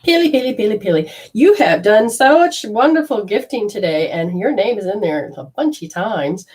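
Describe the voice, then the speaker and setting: A woman acts as a spiritual medium in a live channeling session, rambling animatedly and swinging between loud outbursts and quiet asides. Her pitch is medium, her pace moderate, and the audio quality is poor.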